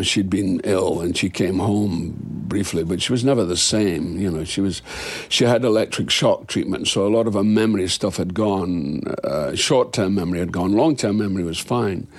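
A man with a fairly low voice speaks in a candid interview. He is an actor, looking back on things thoughtfully and frankly, and now and then lets out a soft laugh. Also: husky.

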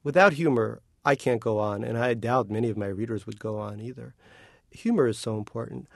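A man being interviewed as a novelist, talking in an animated, joking way and laughing often. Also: mid-range voice, a little fast, creaky, no echo. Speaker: novelist guest. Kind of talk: casual interview chat.

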